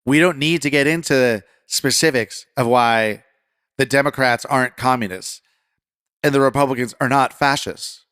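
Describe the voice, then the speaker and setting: A man's voice: mid-range voice, normal speed, clear, resonant tone, dry recording. Dry-voiced man hosting a podcast. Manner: conversational, fired-up then calm reassurance. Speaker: podcast host. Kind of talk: political commentary podcast.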